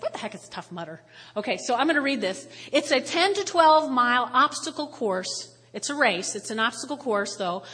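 A high-voiced woman in her fifties delivers a sermon with lively, joking storytelling. Her tone is bright and ringing, and a long reverb from the church hall trails behind every phrase. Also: husky. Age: 50s. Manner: animated storytelling with playful voices. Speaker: pastor.

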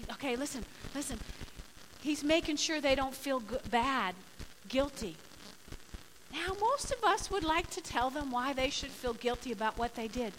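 A woman's voice: high voice, a bit bright, a little hiss or hum, poor audio. A woman pastor giving a sermon in an emphatic, conversational way, acting out the people she quotes.

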